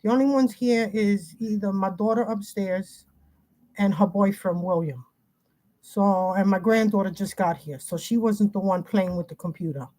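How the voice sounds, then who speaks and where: A middle-aged woman talks on a home livestream in an agitated, rambling way. She keeps breaking off and restarting her sentences. Her voice sits at a medium pitch. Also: moderate pace, dark tone. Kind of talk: casual livestream talk.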